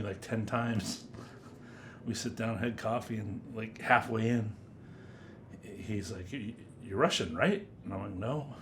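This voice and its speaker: A man giving a casual, rambling first-impressions review of perfumes, chatty and drifting into quiet mutters as he sniffs. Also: on the low side, a little hiss or hum. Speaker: fragrance reviewer.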